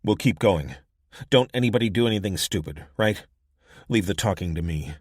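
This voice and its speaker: A man's voice: lowish voice, lively intonation, moderate pace, breathy edge, no room sound, clean studio sound. A man reading a terse veteran detective. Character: veteran male detective, calm tired negotiator. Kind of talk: audiobook character voice.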